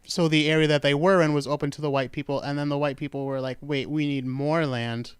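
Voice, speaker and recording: A man's voice: on the high side, little pitch movement, quick pace, clean tone, no echo, clean studio sound. A man hosting a true-crime talk show, telling the story in a rambling, jokey way and correcting himself as he goes. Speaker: podcast host. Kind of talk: casual true-crime chat.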